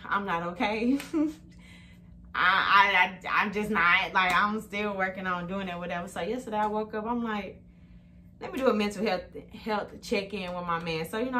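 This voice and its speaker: A woman's voice: medium pitch, pushed and bright. Woman chatting to her followers on her phone at home, talky and easygoing, light hiss behind. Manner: chatty, talks straight to viewers as "y'all". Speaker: vlogger. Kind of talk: casual chat to camera.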